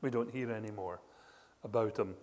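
A man's voice: on the low side, normal speed. Man preaching in a reverberant hall. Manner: animated storytelling, rhetorical questions. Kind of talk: sermon.

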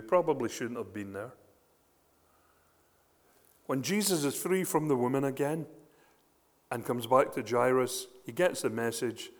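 A man preaching a sermon, retelling scripture with animated storytelling and frequent rhetorical questions. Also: a little high, long reverb tail.

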